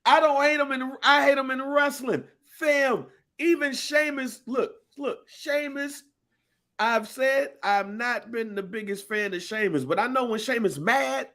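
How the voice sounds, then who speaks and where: A man co-hosting a casual podcast, talking in an animated, emphatic and profane way. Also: very high voice, unhurried. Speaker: podcast co-host.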